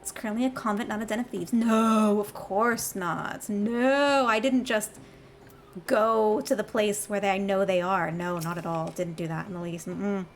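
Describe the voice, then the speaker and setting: A woman's voice: mid-range voice, fairly even intonation, moderate pace, a little hiss or hum. A woman in her thirties, a game streamer, chatting wryly and mocking herself as she plays. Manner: wry, chatty, self-mocking. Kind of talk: casual live-stream commentary. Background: game music.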